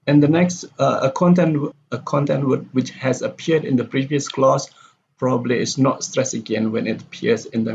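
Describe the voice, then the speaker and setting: This is a male pronunciation teacher giving a classroom lecture on word stress, reading sample sentences and then pointing out the stressed words. He speaks at a medium pitch with vocal fry, a darkish tone and a breathy edge. Faint background noise sits under a dull, lo-fi recording.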